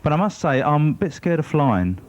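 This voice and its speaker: A man's voice: a little high, sing-song, a little fast. A man doing stand-up one-liners on a club stage, with a hesitant delivery full of fillers. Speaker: stand-up comedian. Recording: dull, noisy TV broadcast recording.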